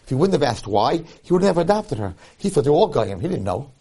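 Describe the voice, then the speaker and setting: A husky-voiced rabbi delivers a story-driven Torah lecture, his pitch swinging widely as he goes. He acts out each person in the tale and hammers home his main points by repeating them. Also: fast. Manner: animated, acts out the people in his stories; emphatic, repeats key points.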